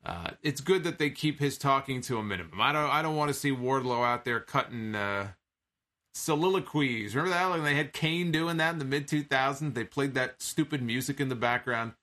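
Bright-voiced man recapping wrestling. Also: mid-range voice, expressive, fairly quick. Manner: opinionated, conversational, quotes wrestlers' lines. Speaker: wrestling podcast host. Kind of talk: casual show recap commentary.

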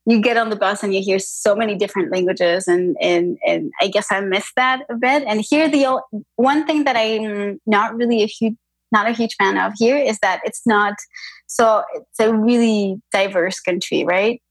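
A yoga teacher appears as a podcast guest in a casual interview, speaking with a mixed French-Spanish accent. She's thoughtful and hesitant, restarting often, in a mid-range, breathy voice at normal speed. The recording is dry and the audio quality poor.

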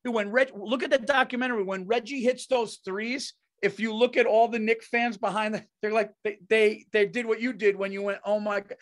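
High-voiced New man, casual podcast host. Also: fairly even intonation, fairly quick, hardly any pauses. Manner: earnest, swears casually, trails off into restarts.

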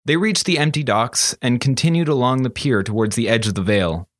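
A man narrating a fantasy story as an audiobook, steady and expressive. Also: mid-range voice, brisk, no echo.

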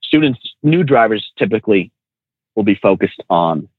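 A man who trains truck drivers, a podcast guest, telling road stories in casual, animated talk that is loose with swearing and slang like "bro". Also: fairly low pitch, normal speed, husky, no room sound. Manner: animated, swears freely, says "bro" and "dude". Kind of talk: casual storytelling in an interview. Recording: dry, tinny phone-like sound.

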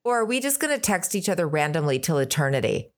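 A woman's voice: lowish voice, quick pace. A woman co-hosting a podcast, telling a gossip story in casual chat and voicing text messages as she reads them out. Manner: retells text messages in animated voices. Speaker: podcast co-host.

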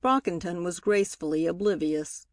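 A woman reading a novel aloud as scripted narration, lifting her pitch for the characters' lines. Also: moderate pace, no echo, studio quality. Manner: reads dialogue with lifted pitch for characters. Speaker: audiobook reader.

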